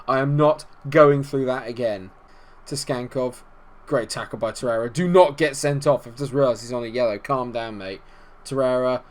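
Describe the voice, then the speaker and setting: Young male gaming creator, mid-range voice, excitable match commentary that lurches between quiet grumbling and loud shouting. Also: medium pitch. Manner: swings from muttering to shouting at the match. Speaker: gaming YouTuber.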